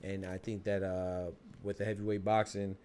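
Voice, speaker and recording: A man's voice: deep voice, level tone, normal speed, mellow, a little hiss or hum. A man hosting a boxing podcast in casual, slangy livestream talk, speaking to viewers in chat.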